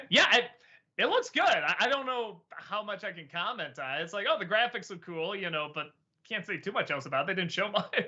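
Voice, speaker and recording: A man hosting a livestream, answering viewer questions in a halting, stop-start way with frequent laughs. His tone is bright and forceful with animated rises and falls, heard through dull, lo-fi stream audio. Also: high-pitched. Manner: hesitant, many restarts and laughs. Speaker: host. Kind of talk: casual livestream chat.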